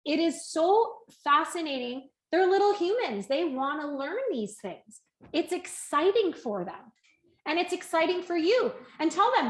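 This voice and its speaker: A woman in her thirties giving a chatty, animated fitness coaching talk and acting out little quoted voices. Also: high voice, normal speed. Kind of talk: casual coaching talk to camera. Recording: echoey room.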